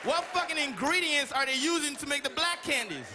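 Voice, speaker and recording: A man from Canada doing a stand-up comedy set, with a loud, profane, punchy delivery. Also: very high-pitched, lively intonation, fairly quick. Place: large comedy stage with live audience. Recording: loud crowd and room noise.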